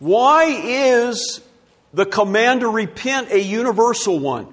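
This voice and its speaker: A man's voice: extremely high pitch, big pitch swings, slow, fairly bright tone, big-room sound. A man preaching a sermon, emphatic and repeating his key words for effect.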